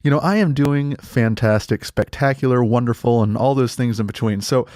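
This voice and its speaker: A man's voice: mid-range voice, moderate pace, darkish tone, no echo, studio quality. A man hosting an absurd comedy podcast, talking in a hyped, rambling way full of nonsense wordplay. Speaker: podcast host.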